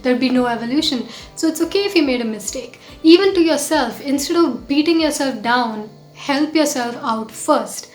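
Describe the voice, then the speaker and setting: A woman's voice: high voice, animated, moderate pace. A woman hosting a storytelling talk as a mindfulness coach, earnest and conversational with frequent restarts. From India. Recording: roomy echo, faint music.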